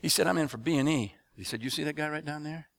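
A man preaching a sermon to a congregation, asking them to respond and building up rhythmic repeated phrases into loud emphatic bursts. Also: fairly high pitch, fast, creaky, no echo. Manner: addresses congregation with call-and-response questions.

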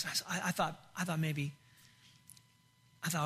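High bright-voiced man preaching. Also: lively intonation, fast talker. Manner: impassioned preaching with many restarts and repeated phrases. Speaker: pastor. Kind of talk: sermon.

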